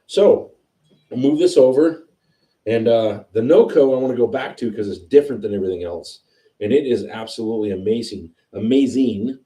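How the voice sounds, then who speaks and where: A man hosting a whiskey tasting livestream, chatting casually and excitedly as he tastes. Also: medium pitch, moderate pace, far from the mic. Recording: roomy sound, a bit off-mic.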